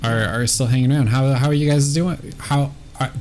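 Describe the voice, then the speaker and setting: A man's voice: mid-range voice, fairly even intonation, brisk, a little mellow, slight background noise. A man hosting a gaming livestream in casual chat, talking hesitantly with many ums and restarts. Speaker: streamer host.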